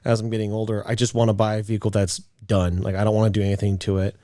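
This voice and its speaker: A man in his late twenties chats casually on a podcast, circling back and restarting as he tells a story. His voice sits low, and the recording is dry with no room sound. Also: very fast, dry recording. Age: late 20s. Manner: rambling storyteller, restarts, animated in quotes. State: a bit out of breath. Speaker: podcast co-host. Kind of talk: casual chat.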